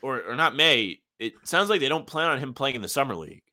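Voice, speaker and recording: A young man with a bright voice whose pitch swings widely. He co-hosts a casual sports podcast and cracks sarcastic, wry jokes. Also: big pitch swings, fast. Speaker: podcast co-host.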